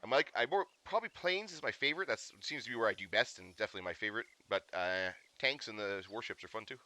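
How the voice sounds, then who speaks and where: Lively, very bright-voiced Canadian-born streamer. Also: male voice, fairly low pitch, quick pace. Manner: rambling, laughs often, jokey. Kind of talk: casual live-stream chat.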